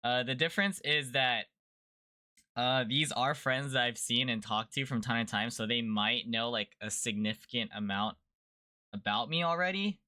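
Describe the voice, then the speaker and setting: A young man hosting a casual livestreamed podcast, chatty and relaxed, rambling a little with fillers. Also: mid-range voice, normal speed, no room sound. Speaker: podcast host.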